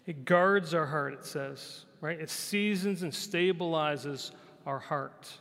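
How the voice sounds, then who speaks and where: A male pastor preaching a conversational sermon. He repeats phrases, often asks "right?", and sometimes drops to a soft, quiet voice. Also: fairly high pitch, takes it slowly, gravelly. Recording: long hall reverb.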